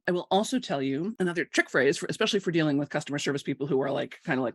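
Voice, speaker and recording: Fast-talking woman hosting a live talk. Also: deep voice, creaky, slightly rough, no echo, studio quality. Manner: chatty, laughs often, acts out dialogue. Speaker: host of a live coaching show. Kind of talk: casual live talk to viewers.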